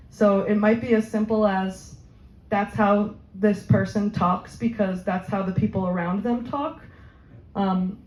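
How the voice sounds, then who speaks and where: A woman giving an informal question-and-answer talk on voice health, chatty and quick to laugh, with many ums. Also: medium pitch, a little mellow. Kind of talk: informal Q&A presentation. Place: community room at a senior living center. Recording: echoey, slightly dull room recording.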